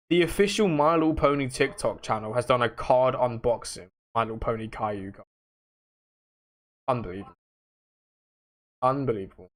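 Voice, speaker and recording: A young man hosting a casual livestream, chatting to viewers in a rambling, slangy way that jumps between loud outbursts and low mutters.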